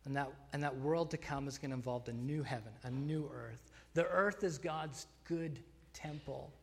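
A man's voice: medium pitch, moderate pace, gravelly. A man preaching a sermon, earnest and emphatic, often restarting phrases with fillers. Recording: long hall reverb.

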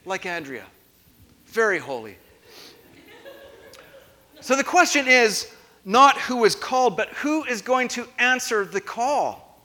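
Bright, high-voiced young pastor. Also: male voice, big pitch swings, unhurried, pauses often. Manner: playful, chatty, teasing the congregation. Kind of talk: conversational sermon. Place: church sanctuary. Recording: long hall reverb of a church.

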